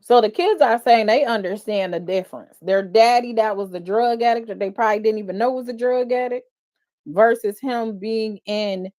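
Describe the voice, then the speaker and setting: A woman's voice: fairly high pitch, moderate pace. A woman who hosts a live stream and works as a defense attorney. She comments on a court case and speaks with open emotion, often sighing between thoughts. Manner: emotional, expressive, frequent sighs.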